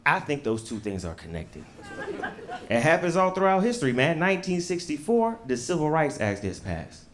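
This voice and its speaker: A man from the United States performing a stand-up comedy set with punchy, animated delivery and casual swearing. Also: on the high side, normal speed, some chatter behind.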